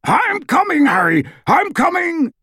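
A man voicing a huge, loyal, anxious male half-giant in an audiobook, bellowing shouts and moaning apologies. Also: medium pitch, expressive, takes it slowly, no echo, clean studio sound, full character voice. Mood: shouting. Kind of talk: audiobook character voice.

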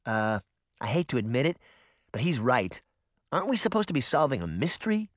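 A man voicing an anxious, practical young girl who talks quickly and fretfully in a storybook reading. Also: medium pitch, sing-song, dry recording, studio quality, natural voice. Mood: impatient.

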